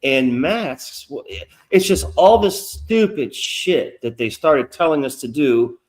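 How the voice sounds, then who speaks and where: A man's voice: mid-range voice, lively intonation, slow pace. A middle-aged man telling stories in a casual, profane interview chat, acting out quoted asides. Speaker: guest comic creator. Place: lives in North Carolina.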